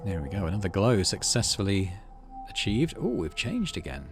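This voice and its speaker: A man hosting a let's play video, relaxed and musing as he plays. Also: lowish voice, normal speed, music in the background. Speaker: gaming channel host.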